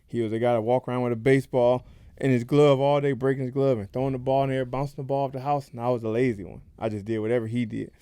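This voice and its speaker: A man's voice: mid-range voice, little pitch movement, warm tone, smooth, no echo. A man, a professional fighter, speaking as a podcast guest and telling his own stories candidly and conversationally into a close mic. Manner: candid, rapid, conversational storytelling. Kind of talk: casual podcast storytelling.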